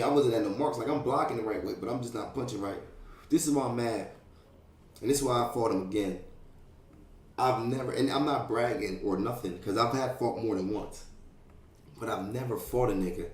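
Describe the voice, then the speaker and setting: A man's voice: lowish voice, brisk, roomy sound. A young man telling a street story in a casual, profane, streetwise way, full of fillers and sound effects. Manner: streetwise, profane, animated, fillers like "you know what I mean".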